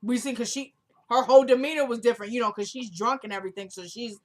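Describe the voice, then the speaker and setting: A woman's voice: a little high, quick pace. A woman vlogger casually recapping a TV episode in a chatty way, quoting the characters' dialogue as she retells the scenes. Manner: chatty, laughs while recapping.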